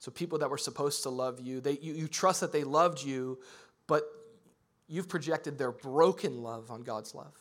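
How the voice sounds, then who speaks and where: A man preaching a sermon in a church, talking conversationally and climbing into loud, excited bursts. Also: mid-range voice, moderate pace. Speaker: pastor.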